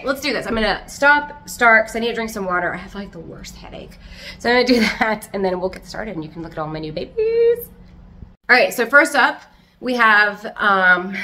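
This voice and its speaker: A woman vlogging casually at home about her houseplants, talking fast and loudly in a rambling, self-interrupting way. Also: mid-range voice, slight background noise. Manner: loud, almost yelling. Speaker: plant vlogger. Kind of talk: casual chat.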